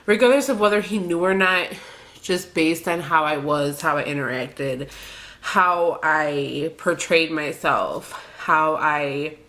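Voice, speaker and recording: A young woman speaks in a slightly low voice, pouring out an emotional confession to her vlog audience. She hesitates and rambles, restarting her sentences and filling the gaps, close to tears throughout. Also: slow, fairly bright tone. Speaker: beauty vlogger.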